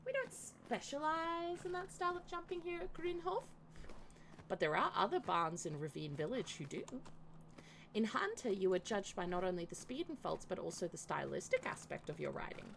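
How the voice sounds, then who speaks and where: A woman's voice: medium pitch, animated, normal speed, vocal fry, fairly bright tone, a little hiss or hum. A woman reading aloud a riding instructor's game dialogue in an explanatory tone. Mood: instructive.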